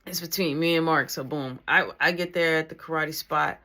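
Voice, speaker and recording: A woman telling a family story casually, slangy and animated, acting out the people in it. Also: low voice, normal speed.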